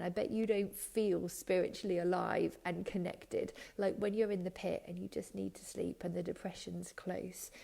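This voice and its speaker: A woman leading a chaplaincy team, giving an informal devotional talk in a gentle, chatty way that often drops to a soft whisper. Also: medium pitch, creaky.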